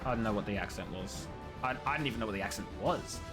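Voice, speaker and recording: A young game streamer with a lowish voice talks fast, joking, rambling and laughing often as he casually comments on his live gameplay. Game music plays underneath.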